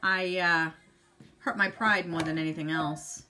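A woman's voice: fairly low pitch, fairly even intonation, unhurried, background noise. A middle-aged woman hosting a casual live makeup demo at home, chatting with viewers and answering them by name. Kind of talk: casual live-stream chat.

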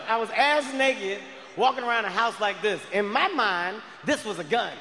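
A man with a high, bright voice tears through a stand-up set, loud, profane and animated. His voice rings through a big hall, with a faint hum of the crowd behind him. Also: normal speed. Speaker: stand-up comedian. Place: large theater stage. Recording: live stage mic with hall reverb.

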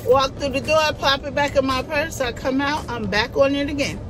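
A woman from New Jersey vlogging in a casual, animated way, telling stories and playfully acting out conversations. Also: high-pitched, brisk, music in the background, rough recording. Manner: chatty, animated storytelling with playful put-on voices. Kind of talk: casual vlog chat.

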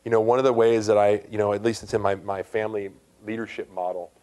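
Fast-talking male preacher. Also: on the low side, flat delivery. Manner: fast, conversational preaching with frequent asides; rises to loud, emphatic exhortation. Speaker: pastor. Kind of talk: sermon.

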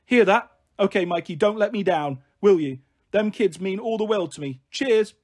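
A man voicing a flighty young mother, breezy and coaxing, in a husky, higher voice. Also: expressive, moderate pace.

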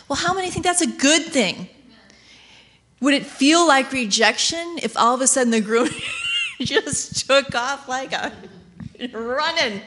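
A woman preaching a sermon in an animated way, acting out quoted voices and laughing as she goes. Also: high-pitched, measured pace.

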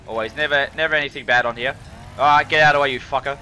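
A young man, excitedly commentating his own car game, swearing and calling everyone mate. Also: medium pitch, very fast, a little hiss or hum, low-quality recording. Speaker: gaming video host. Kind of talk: casual gameplay commentary.

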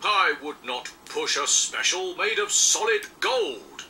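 A man's voice: fairly high pitch, very animated, takes it slowly, pushed and bright, a little hiss or hum, heavily acted. Man doing a haughty boastful engine. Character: boastful big male express engine, haughty. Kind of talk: children's storybook reading.

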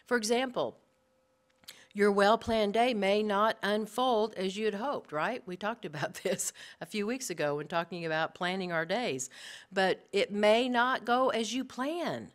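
Middle-aged lady teaching women's bible study, earnest, lively, talks right to the room. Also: mid-range voice, a little slow. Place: room with a live audience.

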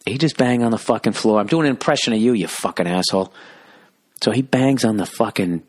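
Husky, lowish man in his forties, sweary podcast rant, plays every part of the story himself. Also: no room sound, clean studio sound. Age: 40s. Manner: fast, sweary, acts out both sides of a story. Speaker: podcast host. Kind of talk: profane comic rant.

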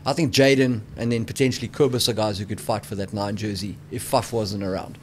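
A man's voice: on the low side, steady tone, brisk, a little hiss or hum. Male rugby podcast co-host, casual, opinionated, drops "mate" a lot. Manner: opinionated, blunt, says "mate". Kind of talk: casual sports chat.

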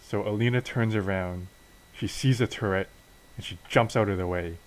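A man's voice: lowish voice, normal speed, poor audio. A man casually narrating a wrestling game story as a let's play, with fillers and restarts.

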